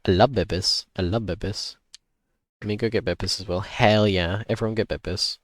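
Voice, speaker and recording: A man streaming a game live, chatting playfully and greeting his viewers with excitement. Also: lowish voice, moderate pace, dry recording, clean studio sound. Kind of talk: casual livestream chat while gaming.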